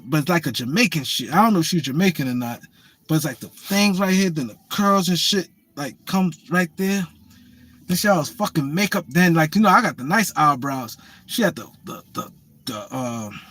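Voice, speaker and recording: High-voiced New man rambling profanely. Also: pushed and bright. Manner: profane, rambling, full of restarts and "you know what I'm saying". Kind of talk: casual storytelling.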